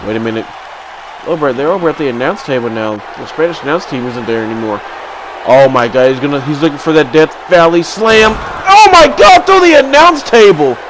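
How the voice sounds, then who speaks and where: A man giving excited play-by-play commentary on a video game wrestling match, swinging from low mutters to sudden shouts. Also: a little fast. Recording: crowd and game noise behind.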